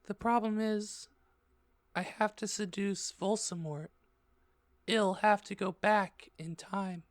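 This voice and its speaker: A man voicing a moody gothic teenage girl in a high, breathy, melodramatic falsetto, reading aloud from a story. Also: steady tone, slow pace, no echo.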